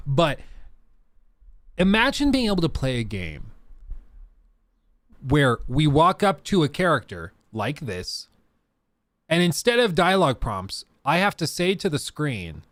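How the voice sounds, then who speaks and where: A man giving casual livestream commentary on a game demo, animated and joking with laughing asides. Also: medium pitch, a little slow, long pauses, no room sound. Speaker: streamer reacting to a game demo.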